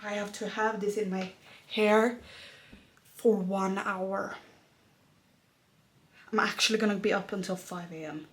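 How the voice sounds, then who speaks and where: A woman's voice: mid-range voice, fairly even intonation, a little slow, long pauses, husky. A young adult woman vlogging casually in a blunt, ranting way, swearing constantly. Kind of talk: casual vlog talk. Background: background music.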